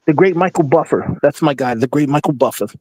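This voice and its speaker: A man's voice: a little high, expressive, fast, noisy background. An older man rambling and joking as a guest on a livestream panel, fond of doing impressions. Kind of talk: casual chat on a livestream.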